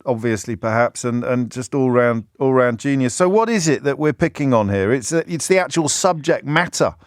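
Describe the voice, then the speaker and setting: Quick, emphatic male radio host. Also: mid-range voice, animated, no echo, studio quality. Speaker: radio talk show host. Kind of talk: radio phone-in talk.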